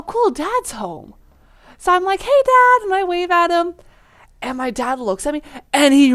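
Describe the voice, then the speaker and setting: A woman telling a childhood story in a rambling, casual way while playing a game, with many fillers. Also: medium pitch. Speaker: gaming channel host.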